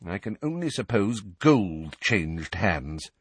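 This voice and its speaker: A man's voice: low-pitched, slow pace, slightly rough, no echo, exaggerated voice. A man voicing a kindly middle-aged wizard father, chatty and evasive, in an audiobook reading. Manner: chatty, animated.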